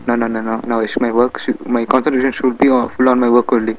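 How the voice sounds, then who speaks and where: A man's voice: medium pitch, little pitch movement, fast, hardly any pauses, dull audio, slight background noise. A man with an Indian English accent doing a comic dub of a video game, bickering and muttering to himself as he goes.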